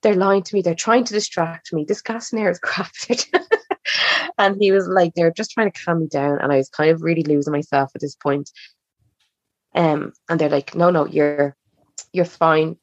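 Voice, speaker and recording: As a podcast guest, a young woman chats through a personal story, acting out the dialogue she quotes. Her fairly low voice keeps a steady tone at a moderate pace. There's no echo, though the recording sounds slightly dull and muffled.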